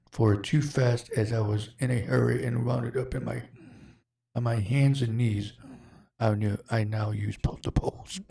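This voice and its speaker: A man's voice: medium pitch, gravelly, mellow. A man hosting a podcast, telling a story in casual chat, rambling, breaking off mid-sentence and laughing often. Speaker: podcast host.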